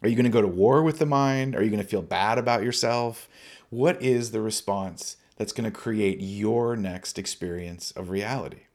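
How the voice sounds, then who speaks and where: Relaxed man teaching meditation. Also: lowish voice, moderate pace. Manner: relaxed, conversational, laughs lightly. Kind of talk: dharma talk.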